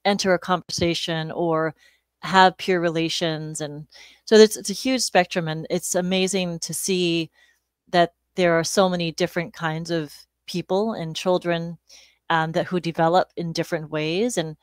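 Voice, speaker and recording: A woman in her forties, a speech-language pathologist guest, explaining calmly and informatively. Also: fairly low pitch, moderate pace, clear, resonant tone, dry recording. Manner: calm, informative, with "you know" fillers. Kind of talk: explanatory interview talk.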